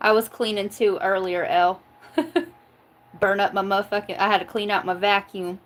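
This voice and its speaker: A woman's voice: mid-range voice, normal speed, poor audio. Laughing, foul-mouthed woman chatting live. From Oklahoma. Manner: laughs often, swears freely, chatty and joking. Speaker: tarot reader reading live chat. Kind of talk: casual livestream chat.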